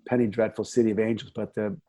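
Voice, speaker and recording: A middle-aged man who works as a first assistant director, telling set stories as a podcast guest in lively, chatty conversation with frequent restarts. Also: on the low side, quick pace. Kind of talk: casual conversation.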